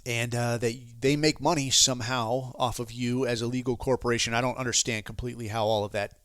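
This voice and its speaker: A man's voice: medium pitch, fairly even intonation, fairly quick, fairly bright tone, no echo. A man hosting his own podcast, ranting casually in a rambling, profane, sardonic way. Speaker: podcast host.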